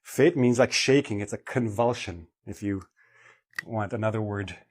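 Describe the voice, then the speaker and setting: A man teaching an English vocabulary lesson, explaining clearly and often checking in with "okay?" and "right?". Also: lowish voice, moderate pace, a little mellow.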